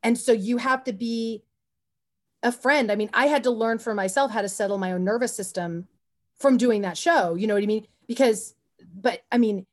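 A woman guest on an interview podcast, telling stories in an animated, rambling way with many asides and restarts. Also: on the high side, normal speed. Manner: often says "you know what I mean". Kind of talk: casual interview storytelling.

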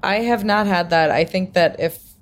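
A woman's voice: on the low side, normal speed. A woman co-hosting a podcast, chatting casually and playfully with hesitant fillers. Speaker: podcast co-host. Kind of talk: casual chat.

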